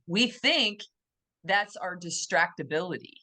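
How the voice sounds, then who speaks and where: A low-pitched woman co-hosting a podcast, chatting casually. She is enthusiastic and animated and slips into little quoted voices to make her point. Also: moderate pace. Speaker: podcast co-host. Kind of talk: casual conversation.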